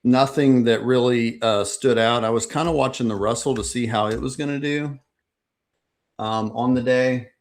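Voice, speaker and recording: Low-voiced man recapping trades casually. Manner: relaxed, rambling, frequent ums and uhs. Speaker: trading channel host. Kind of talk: casual live market recap.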